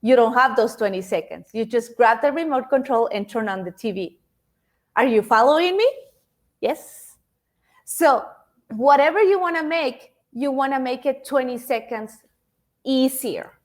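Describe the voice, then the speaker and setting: A woman with a high voice and a non-native accent gives an interactive motivational talk, speaking directly to her audience. She is chatty and repeats words as she goes. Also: lively intonation, unhurried. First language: not English. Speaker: speaker giving a self-help talk.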